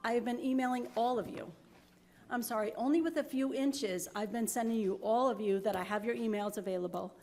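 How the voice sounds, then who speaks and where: A woman's voice: fairly high pitch, brisk, darkish tone, faint music behind. A woman resident from New York, making an emotional public comment at a town board meeting, apologetic but insistent, at a podium microphone.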